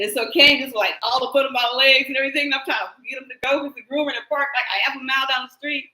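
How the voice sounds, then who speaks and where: Live-stream host, woman, high bright voice, loose storytelling with laughs and cursing, echoey room. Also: very fast, hardly any pauses. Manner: animated storyteller, laughs often, swears. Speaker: tarot reader hosting live stream. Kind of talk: rambling live-stream chat.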